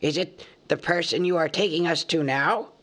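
A man's voice: fairly high pitch, normal speed, a bit bright, voice pushed up, lightly acted. Complaining male dwarves, raised and querulous, put on by a male narrator. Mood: grumbling. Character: grumbling band of male dwarves.

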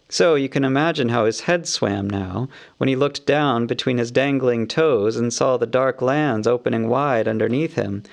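A man narrating a fantasy audiobook in a measured, expressive storytelling manner. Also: mid-range voice, creaky.

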